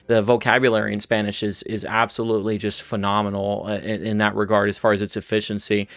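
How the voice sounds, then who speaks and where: A man's voice: fairly low pitch, flat delivery, fast, a bit bright, no echo. A man teaching Spanish on a livestream, chatty and loose, with many restarts and fillers. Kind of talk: casual livestream lesson.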